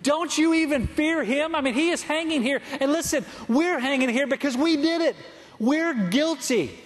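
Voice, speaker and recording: A man acting out a blunt, repentant crucified criminal who scolds in slang, his voice pitched up high above his own. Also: normal speed, in a large hall. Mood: scolding.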